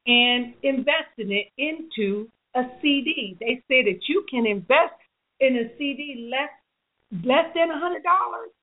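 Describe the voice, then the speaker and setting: A woman hosts a casual talk show, asking questions and echoing back what her co-hosts say. Her voice sits a little high and sounds thin and phone-like. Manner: prompts others and echoes their words with quick agreement. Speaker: podcast host. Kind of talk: casual conversational hosting. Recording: phone-like lo-fi recording.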